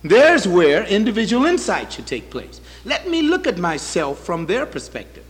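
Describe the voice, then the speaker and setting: A man preaching a sermon as pastor, swinging from loud high bursts to quiet low asides. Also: huge pitch swings, normal speed, long reverb tail.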